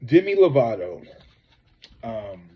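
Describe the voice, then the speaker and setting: Profane, animated male gossip streamer. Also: medium pitch, takes it slowly, slightly rough, muffled recording. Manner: profane, animated, talks straight to viewers. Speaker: psychic tarot reader and gossip host. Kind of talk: casual celebrity gossip livestream.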